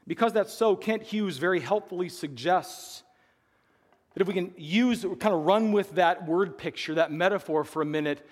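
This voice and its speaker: Guy preaching a sermon, high voice, long echo like a big church hall, earnest, gets loud then goes real quiet. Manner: earnest, swings between emphatic and hushed. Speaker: pastor.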